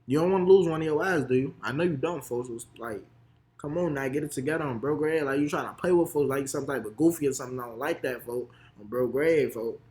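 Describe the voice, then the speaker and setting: A man's voice: mid-range voice, fast talker, darkish tone. A young man with a Chicago accent giving heated, slang-heavy reaction commentary. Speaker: reaction video host.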